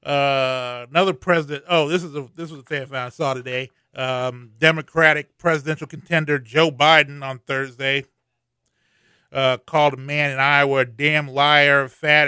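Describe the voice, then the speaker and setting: A man running a profane, meandering comic take on current events, stumbling through fillers. His voice is slightly high, bright and smooth, recorded close and dry. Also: no room sound. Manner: profane, rambling, with many fillers. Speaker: comedian commenting on news. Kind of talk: comedic news commentary.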